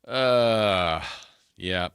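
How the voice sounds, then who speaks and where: A man's voice: on the low side, extremely slow, fairly bright tone, clear, resonant tone, no echo. A man hosting a sports radio show, chatting casually and rambling as he thinks aloud into a studio microphone.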